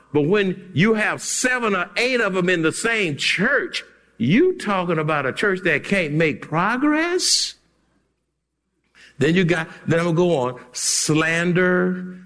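A male pastor preaching a sermon emphatically, breaking into shouts and chuckles. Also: a little high, long reverb tail. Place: church sanctuary.

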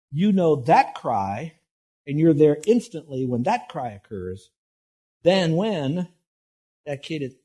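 A man's voice: a little high, very animated, unhurried, warm tone, slightly rough. A middle-aged male pastor preaching a folksy, anecdote-filled sermon, often restarting his words.

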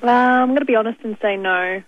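A woman's voice: on the high side, a little fast. A woman working in a shop, talking on the phone in a hesitant, amused way. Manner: hesitant, amused, going along with it. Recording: muffled phone line with hiss.

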